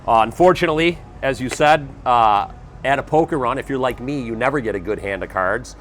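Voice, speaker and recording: A man's voice: medium pitch, a little fast, fairly bright tone, rough recording. Folksy upbeat man hosting a livestream. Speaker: event host on a livestream. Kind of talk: casual livestream announcement.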